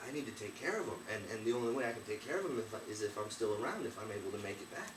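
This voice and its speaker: A man's voice: on the low side, lively intonation, rapid-fire, distant mic, background noise, natural voice. A man doing a desperate, pleading lad. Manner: begging, urgent. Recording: roomy, off-mic, faint ambience.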